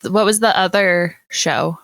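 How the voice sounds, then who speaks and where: A woman's voice: lowish voice, fairly even intonation, unhurried, creaky, a bit bright. A young woman co-hosting a podcast in casual chat, playful and giggly, who swears casually. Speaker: podcast co-host. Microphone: podcast mic with pop filter.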